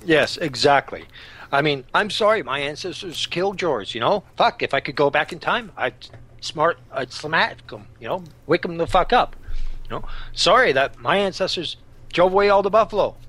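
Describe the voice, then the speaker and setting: A man's voice: fairly high pitch, expressive, normal speed, pushed and bright. A man co-hosting a podcast in casual chat, blunt and swearing freely. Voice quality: swears freely, blunt, reads aloud with emphasis. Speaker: podcast co-host.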